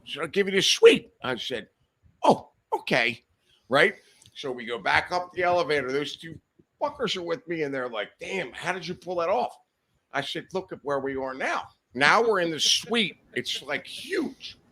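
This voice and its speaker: A man's voice: on the high side, sing-song, normal speed, pushed and bright. A man casually telling rambling, profane anecdotes on a podcast, laughing as he goes. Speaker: podcast guest telling stories. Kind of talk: casual storytelling chat.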